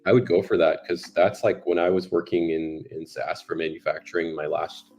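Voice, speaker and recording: Low-voiced man chatting loosely. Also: flat delivery, moderate pace, a little mellow. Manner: loose, talky, many fillers and restarts. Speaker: interview guest, sales professional. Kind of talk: casual conversation.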